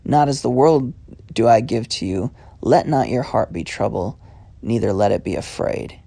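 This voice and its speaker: A man's voice: medium pitch, animated, gravelly, mellow. A man hosting his own podcast, giving a casual devotional talk in an earnest, conversational way. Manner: earnest, conversational, with quick runs of questions. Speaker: podcast host.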